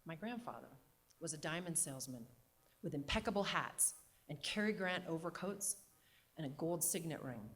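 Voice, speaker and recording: A middle-aged woman telling a personal story on stage with wry, deliberate comic timing. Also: low-pitched, lively intonation, fairly bright tone. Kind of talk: live storytelling performance.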